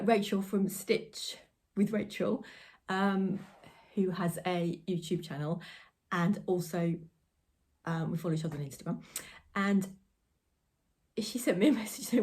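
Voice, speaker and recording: A woman's voice: fairly low pitch, unhurried, pauses often, a little mellow. A woman hosting a crafting podcast, chatting in a rambling, giggly way from her home. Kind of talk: casual chat.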